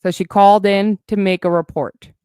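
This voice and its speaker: A woman rants at her critics in a heated, profane, sarcastic voice. She sits at a middle pitch, and the sound is dry and close with no room echo. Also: steady tone, moderate pace, darkish tone, clean tone. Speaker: streamer addressing online critics. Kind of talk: angry livestream rant.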